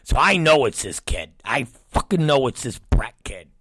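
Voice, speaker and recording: A middle-aged man hosts his show and tells a profane story, animatedly acting out the voices of the people in it while swearing constantly. His voice is mid-range and husky at a normal speed, and the recording is dry.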